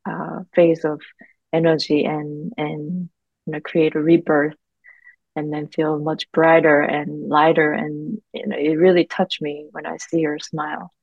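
A woman hosting as a holistic healer, who speaks encouragingly and adds soft murmured affirmations. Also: low-pitched, level tone, measured pace, gravelly, no echo, phone-quality sound. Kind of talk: supportive conversation.

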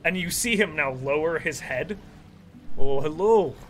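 Lively man running a tabletop game. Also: normal speed, a little hiss or hum. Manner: vivid descriptive narration with lively pitch. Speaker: game master.

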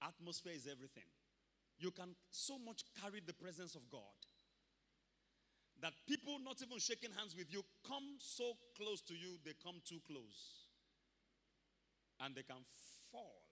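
Male preacher, sharp bright tone, hall echo. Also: a little high, expressive, moderate pace, pauses often. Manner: emphatic preaching, bursts of loud exclamation. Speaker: pastor. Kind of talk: sermon. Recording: long hall reverb.

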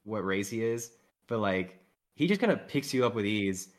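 A man's voice: lowish voice, lively intonation, normal speed. A man running a tabletop game as game master, narrating loosely with lots of fillers. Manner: rambling, lots of "like" and "um".

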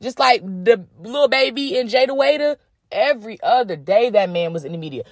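A woman hosting a podcast, ranting in blunt, profane, animated commentary. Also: on the high side, normal speed, no room sound, clean studio sound. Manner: blunt, profane, animated, mocking quoted voices. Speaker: podcast host. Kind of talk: casual commentary rant.

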